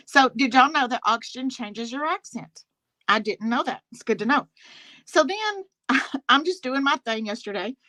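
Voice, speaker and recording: A woman rants through a story on a talk panel, indignant and quick to laugh as she speaks to the host. Her voice is bright and forceful, set a little higher than most women's, and the recording is dry and close. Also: dry recording, rough recording. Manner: indignant, laughs often, addresses the host directly. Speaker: guest on a live talk panel. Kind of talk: casual storytelling rant.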